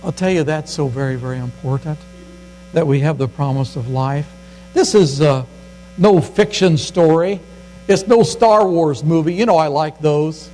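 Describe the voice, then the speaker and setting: An older man delivers a sermon in a high, folksy voice and acts out the scripture quotes. A faint mains hum runs under the recording. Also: moderate pace, a little mellow, rough recording. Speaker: pastor.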